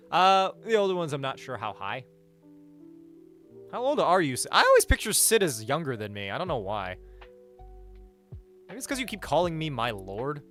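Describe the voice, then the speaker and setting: Over faint background music, a man with a mid-range, slightly bright voice streams live and chats casually with viewers. He rambles and jokes, swearing a lot and saying "like" constantly.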